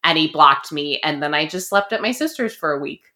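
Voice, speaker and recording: A young woman casually telling a personal story as a podcast co-host, chatty and animated with plenty of fillers. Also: low voice, fairly quick.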